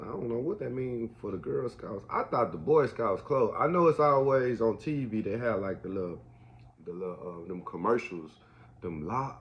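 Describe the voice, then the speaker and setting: A man, rambling casually with lots of slang and a slight cough. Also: medium pitch. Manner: laid-back, slangy, says man and bro a lot. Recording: dull lo-fi audio.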